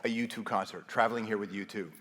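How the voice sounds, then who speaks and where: Animated male storyteller in a big hall. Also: fairly low pitch, quick pace. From Canada. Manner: animated, acts out quoted voices. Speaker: guest speaker. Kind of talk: storytelling on stage. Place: large hall with audience.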